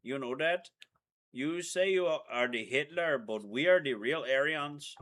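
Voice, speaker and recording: A man's voice: fairly high pitch, a little slow, a bit bright. A man doing an exaggerated put-on Indian accent in a boastful, mocking tone.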